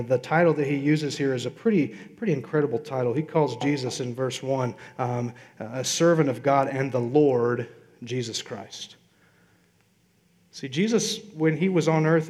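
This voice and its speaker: A man preaching a sermon as pastor, building to loud emphatic peaks and asking his congregation questions. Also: fairly high pitch. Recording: long reverb of a large hall.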